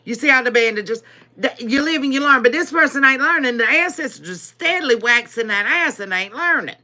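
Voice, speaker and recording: Animated bright-voiced woman tarot reader. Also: high voice, fairly quick. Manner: animated, laughs often, calls viewers baby; repeats phrases for emphasis. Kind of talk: live-streamed tarot reading.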